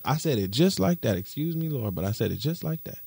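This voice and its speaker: Animated, profane man telling a story. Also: medium pitch, fairly quick, gravelly, breathy edge, dry recording. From Detroit. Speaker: podcast co-host. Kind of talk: casual chat.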